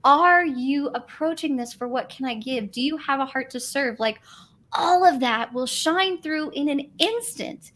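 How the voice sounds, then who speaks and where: A woman's voice: high voice, unhurried, a bit bright. A woman guest on a live stream talking about branding, enthusiastic and conversational. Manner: enthusiastic, conversational, says "like" often. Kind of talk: casual live stream interview. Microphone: video call.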